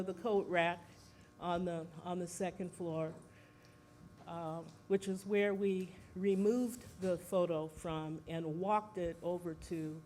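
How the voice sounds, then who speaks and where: A speaker giving an informal talk at a seminar, out of breath, pausing often on fillers and putting questions to the audience. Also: medium pitch, a little hiss or hum. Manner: halting, many fillers, asks the audience questions.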